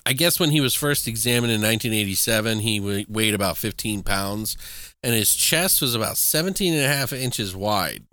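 A man co-hosting a movie-review podcast, talking in a casual, profane way. His voice is bright and clear, recorded close with no room sound. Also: fairly low pitch, lively intonation, moderate pace, no echo. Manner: casual and profane, recapping plots with trivia. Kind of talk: casual chat.

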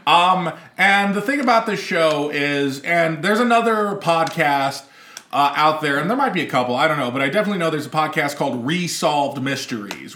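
A male podcast host in his thirties with a bright, forceful voice, chatting loosely with co-hosts. He rambles through fillers and laughs easily. The room rings with noticeable echo. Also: a little high. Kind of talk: casual chat. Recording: echoey room.

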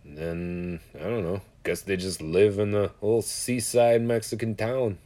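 A man with a somewhat low voice talks straight to his audience in a loose, rambling monologue. He curses freely and drifts between storytelling and musing in an easy, conversational way. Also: steady tone, measured pace, warm tone.

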